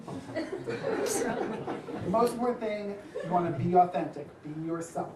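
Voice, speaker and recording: A man's voice: high-pitched, very animated, takes it slowly, long pauses, background noise. A man giving a casual presentation talk to a live audience at an event, chatty with frequent asides and light laughter. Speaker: speaker at a design community event. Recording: echoey room, distant mic, faint ambience.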